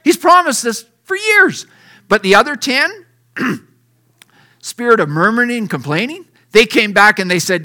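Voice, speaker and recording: Middle-aged preacher guy, high bright voice, folksy sermon, acts out the scripture as he reads. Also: measured pace. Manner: lively preaching, reads scripture aloud with acted lines; folksy and conversational. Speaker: pastor.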